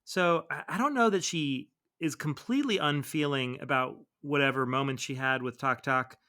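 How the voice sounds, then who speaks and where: A man's voice: mid-range voice, normal speed, bright, forceful tone, clear, resonant tone. A man co-hosting a comics podcast, chatting casually and animatedly, laughing often and swearing freely. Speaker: podcast co-host. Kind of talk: casual chat.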